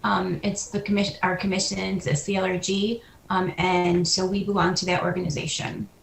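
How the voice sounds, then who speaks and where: A soft-spoken woman guest joining a TV interview over a video call. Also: lowish voice, level tone, normal speed, creaky, a little hiss or hum. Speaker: guest, dance school co-founder. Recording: echoey video call audio.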